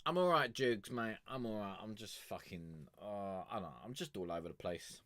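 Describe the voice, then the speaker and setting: A man's voice: on the low side, normal speed, fairly bright tone, no room sound. A young man, rambling and swearing his way through casual stream chat. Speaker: streamer reviewing music.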